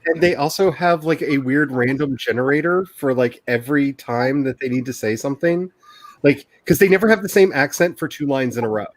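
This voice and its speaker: A podcast host in casual chat, animated and laughing often, recorded over a remote call mic. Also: medium pitch, fairly quick, no echo, rough recording.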